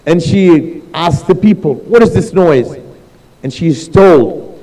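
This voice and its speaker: A man's voice: high-pitched, warm tone, long reverb tail, rough recording. A man preaching a sermon, retelling a mourning narrative and quoting its figures in his own voice. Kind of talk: sermon storytelling. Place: mosque hall.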